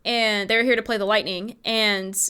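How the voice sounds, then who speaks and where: A woman co-hosting a podcast in casual chat, telling stories in an animated way and swearing often. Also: mid-range voice, normal speed, clear, resonant tone. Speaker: podcast co-host.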